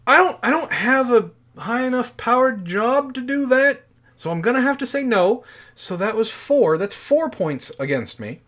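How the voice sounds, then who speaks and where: A man in his forties with a notably high-pitched voice, chatting casually as a podcast co-host. He tells his stories in an animated way, swearing freely as he goes. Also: normal speed. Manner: profane, animated storytelling. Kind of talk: casual chat.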